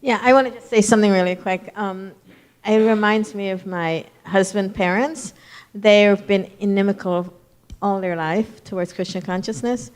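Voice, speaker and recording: A woman in the audience speaks up to share a short family story. Her delivery is quick and eager, in a mid-range voice. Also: mid-range voice, fairly even intonation. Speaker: audience member. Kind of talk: casual anecdote.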